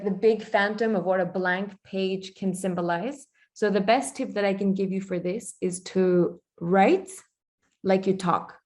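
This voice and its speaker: A woman giving a presentation on branding in a relaxed, conversational way, often checking in with the listener. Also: mid-range voice. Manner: conversational, uses fillers and asks "right?".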